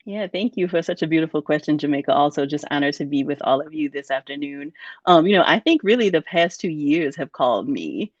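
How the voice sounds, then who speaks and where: Relaxed, chatty woman on a dull, dry line. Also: low-pitched, brisk, no echo. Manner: relaxed, full of "um" and "you know". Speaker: panel speaker. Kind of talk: casual conversational answer.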